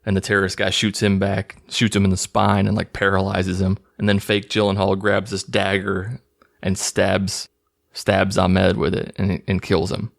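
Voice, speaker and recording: A man with a deep, gravelly voice hosts his own channel, casually recapping a movie at a moderate pace. Despite his monotone delivery, he rambles, swears and laughs at scenes in amusement.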